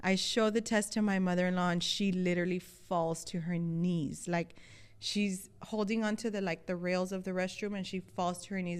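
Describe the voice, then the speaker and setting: Female podcast co-host, low and smooth, spirited storyteller who acts out every quote. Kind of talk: casual chat.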